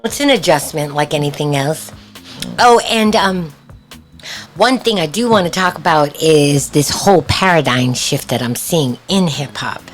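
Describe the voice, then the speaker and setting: A woman co-hosts a call-in radio show, talking slowly and emphatically. Her voice sits a little low. Faint music and a crowd murmur run behind her. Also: expressive. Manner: slow, emphatic, laughs often. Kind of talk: casual radio chat.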